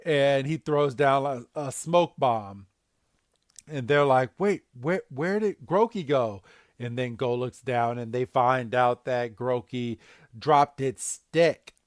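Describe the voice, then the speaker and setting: Slow-talking man recapping a cartoon. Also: fairly even intonation, smooth, no echo, studio quality. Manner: acts out characters with big high-pitched voices. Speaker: podcast co-host. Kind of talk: casual episode recap.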